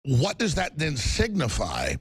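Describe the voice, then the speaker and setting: A middle-aged man hosting heated political talk, combative and fast, mocking people with put-on quotes. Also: a little high, huge pitch swings, breathy edge, dry recording. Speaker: talk show host.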